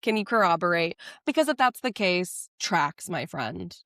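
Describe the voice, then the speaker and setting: Young woman, podcast host, gushing chatty delivery, lowish voice, dry close mic. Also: unhurried, few pauses, no room sound. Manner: gushing, animated, chatty with lots of likes. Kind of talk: casual solo podcast chat about astrology.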